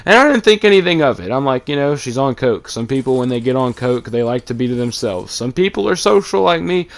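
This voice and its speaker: A man's voice: mid-range voice, lively intonation, fairly quick, vocal fry. A man from East Texas, telling a rambling, profane story about his own life. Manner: rambling, swears a lot, acts out quotes.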